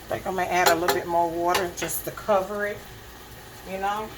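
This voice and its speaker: A woman's voice: lowish voice, steady tone, brisk, very noisy. A woman giving a casual cooking demonstration in her home kitchen, chatting to viewers and checking in with "okay?" as she goes. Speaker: cooking vlogger.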